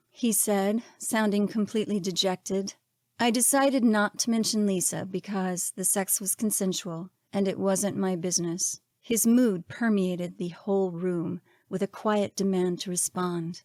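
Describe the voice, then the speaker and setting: A woman with a mid-range voice narrates her own memoir as an audiobook. She reads in a measured, expressive way. The recording is dry and close-miked, with no room sound. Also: mid-range voice, no echo.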